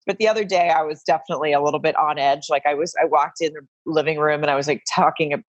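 Low-voiced chatty woman from Arkansas. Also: steady tone, quick pace, dry recording, lo-fi sound. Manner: chatty, self-deprecating, swears casually. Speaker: guest. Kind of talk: casual chat.

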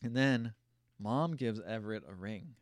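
A man tells a movie plot on a podcast, and his pitch swings widely as he acts out the characters' lines. The sound is dry and close. He swears freely and keeps the chat casual. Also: unhurried, no echo. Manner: animated storytelling, acts out lines with mocking quotes, swears. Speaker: podcast co-host recapping a film.

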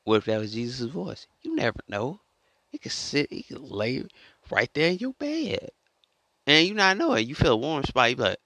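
A man's voice: mid-range voice, very animated, normal speed, sharp tone, no echo. A man telling a story in a casual monologue, rambling and repeating himself as he goes. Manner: rambling and repetitive, restarts a lot. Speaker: vlogger.

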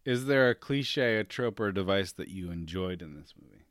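A man's voice: low-pitched, lively intonation, normal speed, fairly bright tone, dry recording, clean studio sound. A man co-hosting a podcast in casual chat, chatty, reading from notes and laughing easily. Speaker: podcast co-host.

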